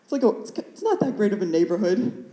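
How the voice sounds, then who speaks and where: A woman's voice: mid-range voice, sing-song, fast talker, mellow, echoey room, poor audio. A young woman in her twenties performing a stand-up comedy set in a nervous, rambling way, full of "like" fillers. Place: comedy club stage.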